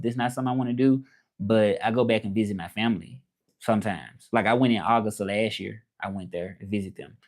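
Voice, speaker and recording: A man from Memphis, hosting a casual live chat and repeating his phrases slowly as he thinks them over. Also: on the low side. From Memphis, Tennessee, USA. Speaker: livestream host.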